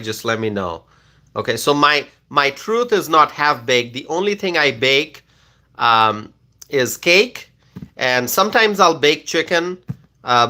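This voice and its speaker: A man's voice: medium pitch, pushed and bright. A man hosting a casual live stream, reading viewer comments aloud and answering them in a chatty, rambling way, often ending sentences with "okay?".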